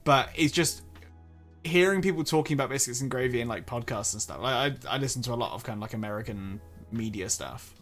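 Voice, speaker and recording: A young Englishman with an English accent chats casually on his stream, self-deprecating and quick to trip over his own words. His voice sits at a middling pitch. Faint music plays behind him. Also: expressive, a bit bright. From England. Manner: chatty, self-deprecating, stumbles and restarts often. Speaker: streamer host. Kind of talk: casual chat on a live stream.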